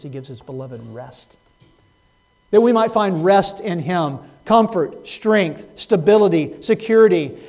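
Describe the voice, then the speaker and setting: A man preaching a Sunday sermon as pastor, swinging from loud, pleading cries to hushed, soft words. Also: high voice, low-quality recording.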